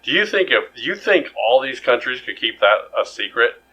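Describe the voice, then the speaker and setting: A man's voice: medium pitch, big pitch swings, normal speed, sharp tone, highs cut off, slight background noise. A man co-hosting a podcast in casual chat, rambling and jokey with many restarts. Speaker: podcast co-host.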